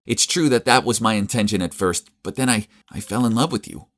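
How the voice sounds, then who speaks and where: A man voicing a scheming, vengeful young woman in an animated story, pitching his voice up. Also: a little fast, natural voice. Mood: pleading.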